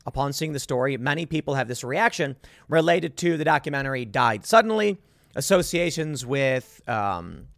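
Clean studio audio with no room sound carries this thirty-something commentary host's slightly high, somewhat bright voice. He rambles through an opinion monologue in a sarcastic, exasperated way, often restarting his sentences.

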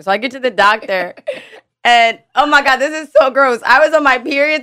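A woman's voice: high-pitched, brisk, sharp tone, clean tone. A woman on a podcast telling a candid, embarrassing story in casual chat, laughing often. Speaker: podcast co-host.

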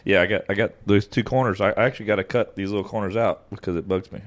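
A man's voice: lowish voice, fairly even intonation, rapid-fire. A man co-hosting a podcast in casual chat, playful and self-mocking, with short quips. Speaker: podcast co-host.

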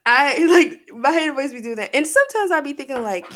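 A podcast co-host chats casually, rambling and speaking candidly while swearing freely and saying "like" constantly. Her high-pitched, expressive voice is a bit bright and fairly quick, with hardly any pauses.

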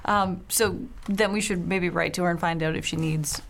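A woman's voice: on the low side, steady tone, normal speed, creaky. A woman playing a tabletop game, chatting casually and laughing easily. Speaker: player.

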